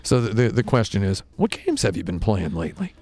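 A man hosting a casual interview in a small studio, deadpan and rambling, with music behind. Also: fairly low pitch, fairly quick, husky. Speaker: host.

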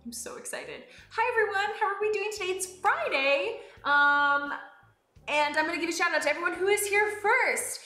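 A young woman streaming a game, bubbly and excitable, swinging between high squeals and low mutters. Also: moderate pace, reverberant, soft background music. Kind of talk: live-streamed game play.

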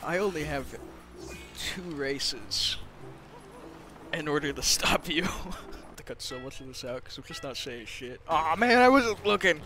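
A man's voice: a little high, animated, measured pace. Swearing young man over game music. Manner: frustrated, swearing, laughing often. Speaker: gamer commentator. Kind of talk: casual gameplay commentary.

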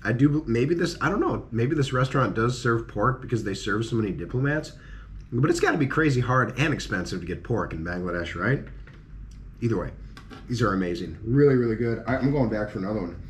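A man vlogging as he tastes food, exclaiming excitedly over each dish. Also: mid-range voice, a little fast, a little hiss or hum. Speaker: travel vlogger. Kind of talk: food tasting vlog.

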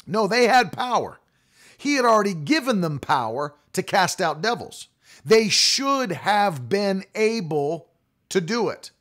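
An impassioned male preacher with a fairly high voice. He hammers his points through repetition and slows down on key phrases for weight, in a classic sermon delivery. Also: gravelly, fairly bright tone. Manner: emphatic, repeating key phrases.

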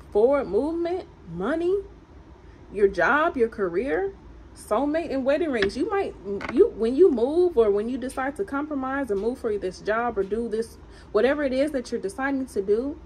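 A woman with a Southern country accent doing a chatty, emphatic tarot reading for viewers. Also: on the high side. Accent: American Southern country. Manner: animated, emphatic, chatty and teasing. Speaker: tarot reader. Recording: noisy home recording.

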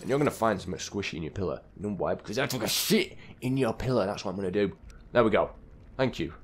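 A young man casually commentating his video game play, chatty and quick to get exasperated at the characters on screen. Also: lowish voice, expressive, slight background noise. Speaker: gaming channel host.

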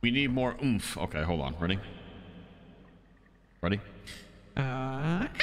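A man streaming a shooter game, chatting loosely with his viewers in casual commentary. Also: low-pitched. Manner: chatty, loose, talks to chat as "dude" and "brother". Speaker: livestreamer playing a shooter. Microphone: streaming mic through an audio mixer.

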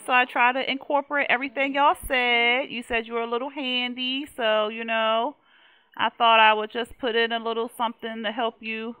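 A woman's voice: on the high side, bright, forceful tone, clean tone. A young woman, chatting casually and laughing as she plays a life-simulation game and talks to its characters. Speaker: game streamer. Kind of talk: casual Let's Play commentary.

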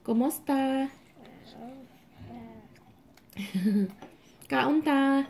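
A woman's voice: high voice, very slow, creaky, darkish tone, a little hiss or hum. A woman filming a casual home vlog, talking sweetly to her children over breakfast. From Philippines. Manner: doting, sing-song talk to her kids.

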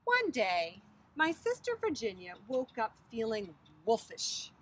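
Woman reading a storybook with lively melody. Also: on the high side, a little slow, slight background noise, rough recording. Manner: expressive storytelling. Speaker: preschool teacher. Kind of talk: reading a picture book aloud. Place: outdoors on a bridge over a creek.

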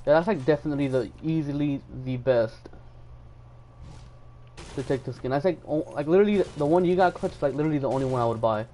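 A man's voice: fairly high pitch, fast talker, warm tone, a little hiss or hum. A young man from Texas live-streaming a game, chatting casually and joking while reading viewer messages aloud. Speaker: gaming streamer.

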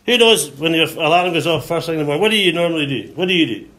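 A man preaching with a high, bright, ringing voice. He leads call-and-response with the congregation and peppers his lines with hallelujahs. Now and then he acts out voices with sudden high shouts. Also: expressive, very fast. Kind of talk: sermon.

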